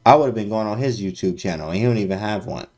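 A deep-voiced man breaks down his chess game for his stream chat. He talks casually and full of slang, often jumping into loud, excited exclamations. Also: quick pace, noisy background. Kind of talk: casual livestream commentary.

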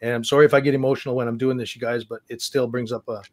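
A man talks through his memories as a guest musician on a chat show. His voice sits at a middling pitch and sounds dry and close, with no room around it. He speaks earnestly, stumbling and restarting as he goes. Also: level tone, no room sound. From Saskatchewan, Canada. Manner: earnest, halting, with restarts and repeated words. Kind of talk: casual storytelling interview.

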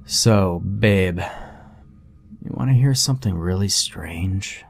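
A man voicing a sleepy young husband who talks in a relaxed, slightly slurred way. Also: low voice, slow, a little hiss or hum. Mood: drowsy.

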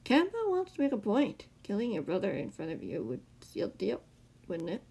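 A woman's voice: mid-range voice, wildly swooping pitch, moderate pace, gravelly, mellow, breathy edge, exaggerated voice. A woman voicing a mysterious male caller who mocks and taunts a boy in a mocking tone. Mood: menacing.

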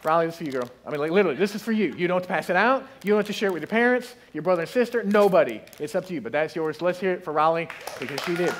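A man preaching a sermon as pastor in a church, telling lively stories and acting out voices in quotes. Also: high-pitched, rapid-fire, few pauses, slight background noise. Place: church sanctuary.

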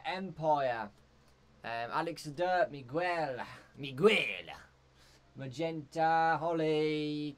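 A young man from England giving live commentary as he plays a horror game, jumpy and prone to yelping and shouting in fright. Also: on the high side. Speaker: streamer.

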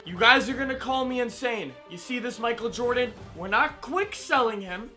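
A man giving excited gaming commentary as a YouTuber, hyped and cursing with loud outbursts. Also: very high-pitched, moderate pace, hardly any pauses. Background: background music.

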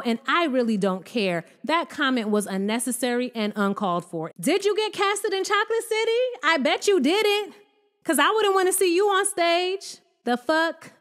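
Woman, high voice, sassy reality show recap, exasperated. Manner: sassy, exasperated, animated swings in pitch. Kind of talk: casual commentary.

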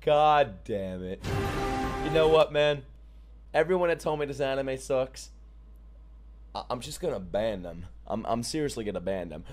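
An excitable man comments on an anime as it plays, swearing freely and bursting into exclamations. His voice sits in a middling register but swings widely in pitch. The show's music plays clearly behind him. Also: normal speed, long pauses. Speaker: anime reaction streamer. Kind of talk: casual reaction commentary. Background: anime soundtrack playing.

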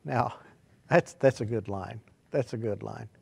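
A man preaching a sermon, swinging between quiet, hushed asides and loud, emphatic exclamations. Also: medium pitch, a little slow, creaky, slightly rough.

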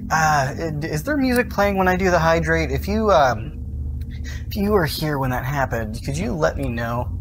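A young adult man streams a horror game, his voice fairly high-pitched and animated at a moderate pace against a noisy background. Chatting casually with viewers, he rambles to chat and erupts in jumpy, sweary outbursts.

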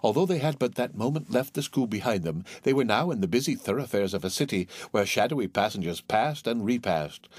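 A man reading a classic novel aloud as an audiobook narrator, in an animated, theatrical way. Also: on the low side, dry recording.

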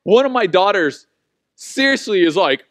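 A man in his forties preaching a sermon, telling personal stories in an animated, self-mocking way. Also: high voice, normal speed, no echo. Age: 40s. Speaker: pastor.

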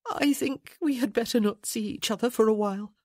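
A woman voicing a frightened, grieving young widow who pleads softly, her voice raised above her narrating tone. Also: a little high, a little fast, no echo, clean studio sound, voice pushed up, close to an everyday voice. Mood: subdued. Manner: soft, pleading.

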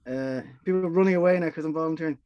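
A man's voice: a little high, rapid-fire, highs cut off. A friendly, informal man hosting an online gathering over a video call. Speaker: event host.

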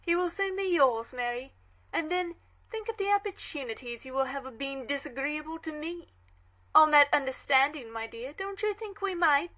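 A woman playing an imperious, sharp-tongued elderly aristocratic lady in an audio drama reading. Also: sits high, lively intonation, moderate pace. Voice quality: commanding, cross-examining.

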